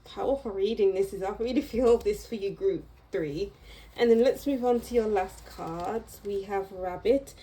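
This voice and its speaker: A woman giving a tarot reading to her viewers, talking in a slow, reflective and gently encouraging way, pausing and restarting her thoughts. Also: medium pitch, low-quality recording. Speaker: tarot reader. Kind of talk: unscripted tarot reading monologue.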